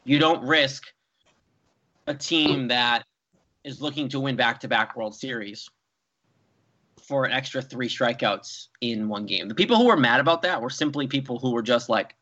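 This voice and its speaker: A young man, co-hosting a casual sports chat, animated and rambling. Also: medium pitch, normal speed. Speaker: co-host. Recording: dull lo-fi sound.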